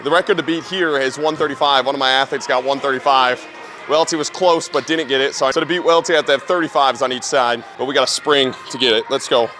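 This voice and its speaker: A man's voice: mid-range voice, steady tone, fast talker, pushed and bright, faint music behind. A young man filming a gym training vlog as a strength coach, hyped and talking between lifts, often swearing.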